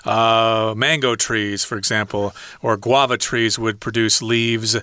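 Male English teacher, casual lesson, crisp bright tone, reads then explains. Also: lowish voice, flat delivery, slow, no room sound. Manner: reads a text, then explains it in plain words. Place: lives in Taiwan.

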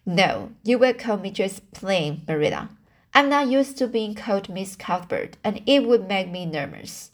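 A woman's voice: mid-range voice, lively intonation, unhurried. A woman reading as a stern older spinster. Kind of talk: amateur audiobook reading.

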